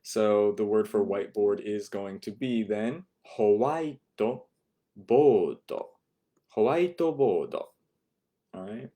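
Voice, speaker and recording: A man teaching a beginner Japanese class over a live stream, patiently repeating words and modeling pronunciation slowly. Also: on the low side, steady tone, mellow. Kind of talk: online language lesson.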